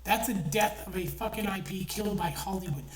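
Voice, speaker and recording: A woman's voice: medium pitch, brisk. Middle-aged woman ranting, echoey and distant. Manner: heated, swearing, repetitive. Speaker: online commentator. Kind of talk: angry profane rant. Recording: echoey room, distant from mic, faint noise.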